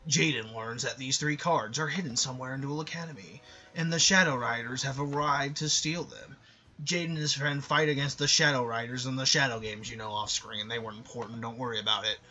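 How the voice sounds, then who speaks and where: A man's voice: medium pitch, steady tone, brisk, bright, forceful tone, lo-fi sound. A man giving casual, sarcastic, rambling commentary over a game. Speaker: gameplay commentator.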